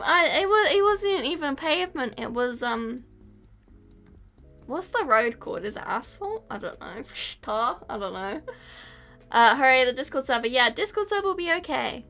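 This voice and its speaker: Woman streamer, high and bright, giggly, emotional, thanking chat. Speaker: VTuber streamer. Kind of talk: casual live-stream chat.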